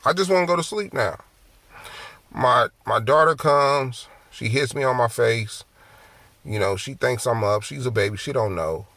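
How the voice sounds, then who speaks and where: Through a personal testimony, a man with a mid-range voice ministers in an animated, conversational manner, with no echo. He often repeats phrases as he goes.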